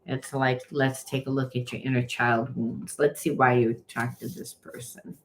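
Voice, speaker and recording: A woman's voice: rumbling low, fairly even intonation, moderate pace, a little hiss or hum, low-quality recording. Frank rambling woman reading tarot. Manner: rambling and frank, with frequent fillers and swearing. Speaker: tarot reader and trauma coach. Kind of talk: casual spoken tarot reading.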